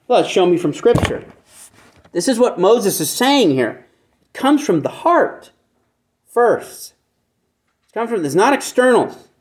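A man's voice: high voice, lively intonation, unhurried, long pauses. A man preaching a conversational sermon who keeps asking his listeners rhetorical questions and repeats phrases for emphasis. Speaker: pastor.

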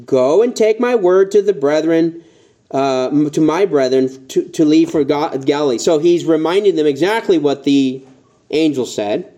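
A man preaching in a relaxed, conversational way, his tone mellow and a little higher than most men's. He lifts his pitch sharply whenever he acts out a quote. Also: moderate pace. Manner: conversational, rising emphatic tones when quoting. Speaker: pastor. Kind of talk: sermon.

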